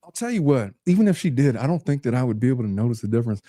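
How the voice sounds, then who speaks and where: A man co-hosting a podcast, chatting casually and joking, with animated storytelling and voices for the people he quotes. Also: medium pitch, rapid-fire, no echo, studio quality. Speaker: podcast co-host. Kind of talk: casual chat.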